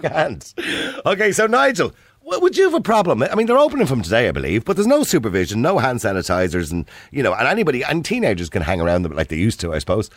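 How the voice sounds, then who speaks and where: A man's voice: mid-range voice, wildly swooping pitch, quick pace, dry recording. A middle-aged man with a Dublin accent hosting a call-in radio show, chatty and opinionated, laughing easily. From Dublin, Ireland. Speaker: radio talk show host. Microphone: studio microphone.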